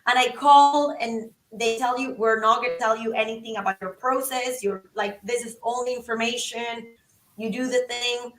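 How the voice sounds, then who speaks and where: Chatty excited woman, high bright voice, kinda far from the mic in an echoey room. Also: moderate pace. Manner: animated, excitable, acts out quotes, many "like"s. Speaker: podcast guest. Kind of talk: casual storytelling.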